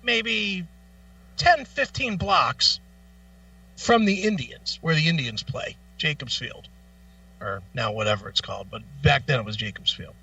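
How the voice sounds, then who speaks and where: A man co-hosting a talk show, telling a long profane anecdote in a casual, animated way. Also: fairly high pitch, a little slow, vocal fry, distant mic, dull audio. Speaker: co-host. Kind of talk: casual storytelling.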